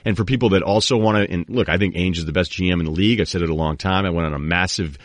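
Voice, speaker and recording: A man hosting a sports talk podcast, ranting casually in an animated, rambling way. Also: low voice, racing, dry recording. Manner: animated, rambling, puts on quoted voices.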